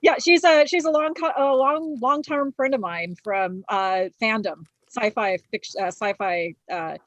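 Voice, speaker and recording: A woman's voice: on the high side, fairly even intonation, unhurried, a bit bright, highs cut off. A woman co-hosting a podcast in casual chat. She rambles and restarts her sentences. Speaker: podcast co-host.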